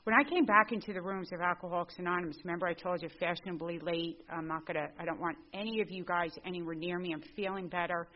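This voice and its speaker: Lively middle-aged woman telling her story. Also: on the low side, fast talker, few pauses. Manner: lively storyteller who acts out the dialogue. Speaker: speaker at a recovery meeting. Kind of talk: personal recovery story told to a group. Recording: dull lo-fi recording.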